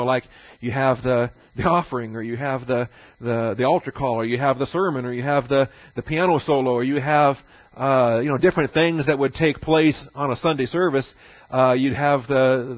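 A man's voice: medium pitch, no room sound, highs cut off. A man teaching through a Bible passage, repeating key phrases and posing rhetorical questions to his listeners.

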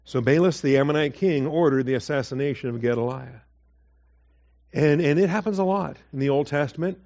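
A man giving a conversational verse-by-verse Bible teaching, with asides and quick acted quotes. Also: fairly high pitch, a little mellow, highs cut off.

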